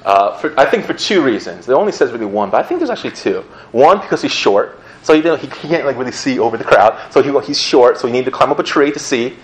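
A man preaching a sermon in a casual, animated storytelling manner, often laughing as he talks. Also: mid-range voice, quick pace, hardly any pauses. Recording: roomy echo, faint ambience.

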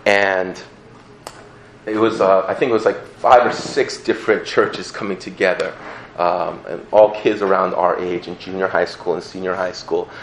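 A young man giving a personal testimony, telling his story in an animated, laughing way that falls to a hushed voice for remembered prayers. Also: sits low, moderate pace, roomy sound, slight background noise.

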